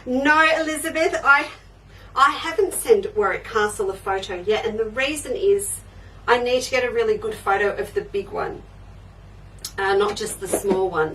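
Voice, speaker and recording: A woman's voice: medium pitch, normal speed, fairly bright tone, far from the mic, slight background noise, rough recording. An older woman hosting a live quilting show, chatting away and answering viewers' comments as they come in. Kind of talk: live crafting show chat.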